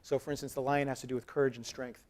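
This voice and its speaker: A man's voice: medium pitch, very fast. A man in his thirties giving a live conference presentation, conversational and storytelling, joking with the audience. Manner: animated storytelling, acts out quoted dialogue. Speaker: conference speaker. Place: conference hall.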